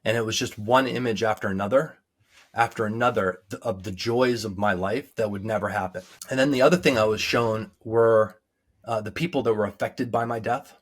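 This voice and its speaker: A man with a lowish voice speaks as an interview guest. He recounts his story earnestly and reflectively, hesitating often with ums as he searches for words. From United States. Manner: halting, many ums, sincere and reflective. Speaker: guest recounting a near-death experience. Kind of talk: earnest personal testimony.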